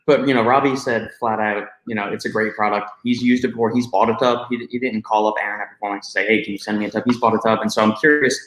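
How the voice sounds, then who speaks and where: A man hosting a live stream, rambling along casually and plain-spoken. He talks quickly. His voice echoes in a roomy space. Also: lowish voice, fairly even intonation, fairly bright tone, a little hiss or hum. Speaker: host. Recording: echoey room.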